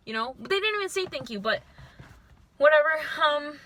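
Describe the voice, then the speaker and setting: Bright-voiced young woman venting to camera. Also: sits high, brisk, pauses often. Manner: frustrated, venting, animated. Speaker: vlogger. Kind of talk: storytime rant to camera.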